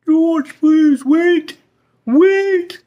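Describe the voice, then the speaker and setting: Brief: man as a polite, measured therapist with a high voice. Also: dull audio. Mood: exasperated. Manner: calm, formal, patient, then exasperated. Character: patient male therapist, older. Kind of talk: comedy skit.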